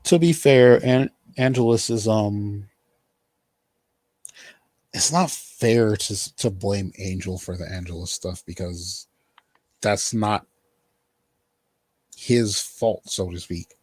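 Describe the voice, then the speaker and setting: Husky low-voiced man recapping a show. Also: slow, pauses often, darkish tone, no echo. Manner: rambling, filler-heavy, quotes characters in mock voices. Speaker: podcast host. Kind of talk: casual chat recapping a TV show.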